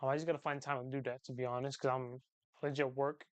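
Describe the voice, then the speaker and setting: Smooth, dry-voiced young man chatting casually. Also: medium pitch, quick pace, dry recording. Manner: rambling, repeats phrases, relaxed slangy talk. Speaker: livestream host chatting with viewers. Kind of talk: casual chat.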